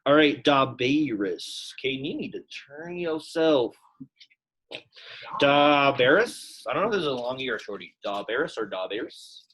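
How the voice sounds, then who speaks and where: Young male teacher, chatty and loose, a bit husky, classroom lesson. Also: medium pitch, animated, moderate pace, fairly bright tone, rough recording. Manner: casual, chatty, lots of "like" fillers. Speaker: Latin teacher.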